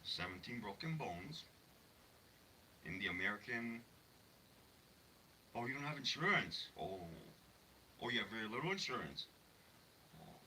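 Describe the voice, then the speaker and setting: A man playing a smug psychic who sells predictions, in a low, hushed sales-pitch voice. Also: big pitch swings, unhurried, long pauses, far from the mic, slight background noise, full character voice, poor audio.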